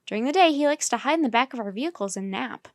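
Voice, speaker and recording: A woman's voice: a little high, animated, fast, dry recording, studio quality. A woman voicing an earnest man who works at a rhino reserve, speaking with care.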